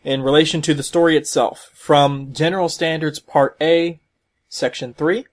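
A man's voice: fairly high pitch, measured pace. Guy hosting a podcast by himself, rambly, lots of uhs and restarts. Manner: rambling, many fillers and restarts. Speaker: podcast host. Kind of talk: solo podcast commentary.

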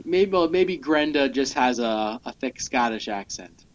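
A man's voice: medium pitch, expressive, measured pace, highs cut off. A man co-hosting a casual comic book podcast, rambling with lots of fillers as he explains things. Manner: rambling, many fillers, reads lines aloud. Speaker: podcast co-host.

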